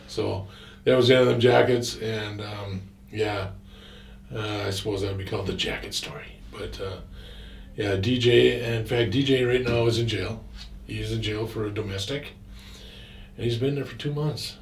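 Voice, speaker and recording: A man's voice: medium pitch, moderate pace, roomy sound, far from the mic, a little hiss or hum. A man casually telling a rambling, profane personal story, full of fillers and restarts.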